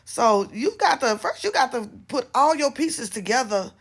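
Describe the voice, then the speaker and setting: A woman's voice: fairly high pitch, expressive, moderate pace, slightly rough. A woman giving casual, blunt and opinionated commentary on a skit, rambling and restarting as she talks. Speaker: vlogger reacting to a skit.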